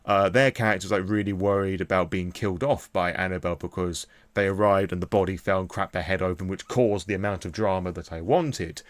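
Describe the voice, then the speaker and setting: A young British man with a fairly low voice, excitedly recapping a tabletop game he ran as game master. He rambles, peppering his talk with fillers. The sound is dry and close, with no room echo. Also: smooth. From Britain. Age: young adult. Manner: rambling, filler-heavy, enthusiastic. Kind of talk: casual recap of a tabletop session.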